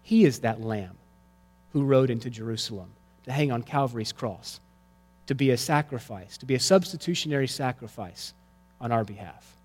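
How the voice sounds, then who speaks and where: A male pastor preaching a sermon, swinging between loud emphatic lines and hushed, quiet ones. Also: medium pitch, animated, normal speed, big-room sound.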